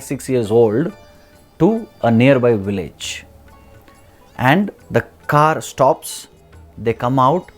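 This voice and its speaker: A man telling a motivational story in a talk, lively and acting out the voices in it. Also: mid-range voice. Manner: animated, acts out the voices in his stories. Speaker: motivational speaker.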